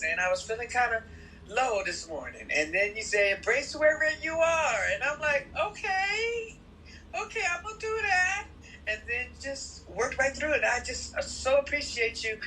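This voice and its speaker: A woman guest on a live stream pours out heartfelt, rambling thanks in a bright, mid-pitched voice. Faint noise hums under her line. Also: poor audio. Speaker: caller brought on as a guest. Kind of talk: emotional live-stream call-in.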